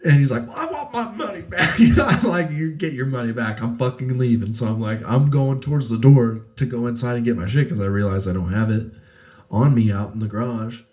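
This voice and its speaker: A man's voice: mid-range voice, a little fast. A young man co-hosting a podcast, telling a story in loose, profane chat and acting out both sides of an argument. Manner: animated, profane, acts out quoted arguments. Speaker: podcast co-host.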